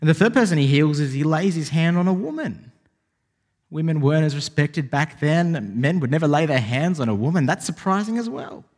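A man preaching a sermon as pastor, animated and rising to emphatic exclamations. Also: a little high, fairly quick. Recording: long hall reverb.

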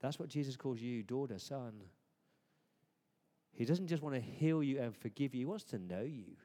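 Guy preaching, mellow voice, goes quiet then punchy, big reverb behind him. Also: medium pitch, expressive, moderate pace. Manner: conversational, swings from hushed to emphatic. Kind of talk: sermon. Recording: long hall reverb.

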